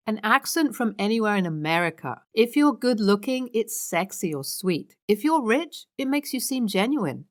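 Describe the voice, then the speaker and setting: Female narrator, mid-range voice, steady read-through of online stories. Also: medium pitch. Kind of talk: reading online posts aloud.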